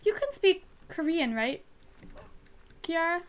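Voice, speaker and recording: A woman's voice: very high voice, animated, takes it slowly. A young woman streamer chatting casually and rambling with fillers while she plays a game. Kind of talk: casual chat while gaming.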